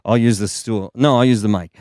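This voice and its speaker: This young American stand-up works a small stage with a handheld mic, his tone steady and darkish, his pace fairly quick. He tells stories and slips into silly high voices when quoting others; the sound is clean, studio quality, with no room noise.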